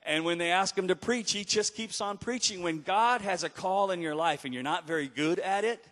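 Reverberant preacher telling a story in sermon. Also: male voice, on the high side. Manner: emphatic, swings from loud exhortation to hushed retelling. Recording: long hall reverb.

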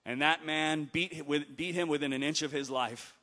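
A fairly high-voiced man preaches through a story, driving points home loudly, then dropping to a hush. His voice hangs in a hall with a long, trailing reverb. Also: fairly even intonation, normal speed. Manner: emphatic, swings from loud exhortation to hushed retelling. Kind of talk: storytelling sermon.

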